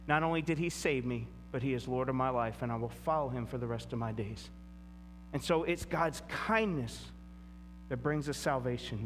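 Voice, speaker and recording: A pastor delivers a sermon in a fairly high voice, reading scripture and then pressing his points with rising emphasis. His words ring out with a long reverb, and a faint hum sits under them. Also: fairly bright tone.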